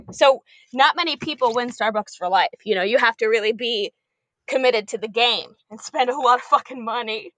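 A woman's voice: a little high, fairly bright tone, no echo. A young woman and preschool teacher chatting as a podcast guest, telling stories animatedly and swearing casually.

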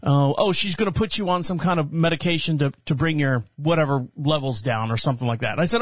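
A middle-aged male radio host with a fairly high voice tells a rambling personal story, chuckling as he goes and slipping into other people's voices. He is close on a studio mic, and the sound is very dry and free of room echo. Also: fast talker, hardly any pauses. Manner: animated, laughs while telling stories, acts out voices. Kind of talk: casual storytelling monologue.

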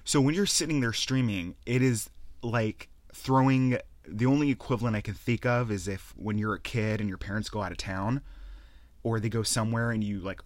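A young man with a low voice rants through his own gaming podcast, cursing freely and acting out little scenes as he goes. The recording is dry and close, with no room sound. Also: moderate pace, no room sound. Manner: profane, ranting, animated storytelling. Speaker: podcast host. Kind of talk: casual solo rant.

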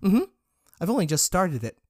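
A man's voice: very animated, normal speed, no echo, clean studio sound. A man doing a curious young she-cat. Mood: friendly. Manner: light, curious, higher-pitched questioning. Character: young female cat, bookish and probing.

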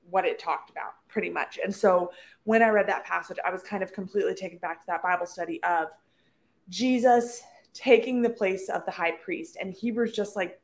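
A woman co-hosting a book podcast, talking in a chatty, reflective way with many fillers. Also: mid-range voice. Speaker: podcast co-host. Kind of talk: casual book-club chat.

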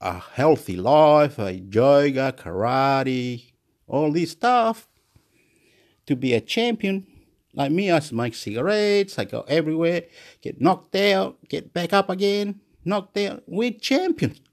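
A man at home, rambling through a repetitive, excitable motivational monologue, swinging between shouts and mutters. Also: on the high side, slow. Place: at home, indoors.

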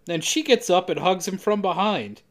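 A woman co-hosting a casual chat, recapping a film plot with jokes and quick silly voices for its characters. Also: fairly low pitch, lively intonation. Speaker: podcast co-host recapping a film.

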